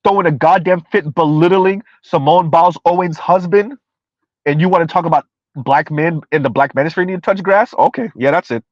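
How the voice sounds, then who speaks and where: Talking a little fast in a voice on the high side, a man under forty offers casual live-stream commentary, ranting emphatically, repeating himself, and laughing frequently. The audio is dry, lo-fi, and slightly dull.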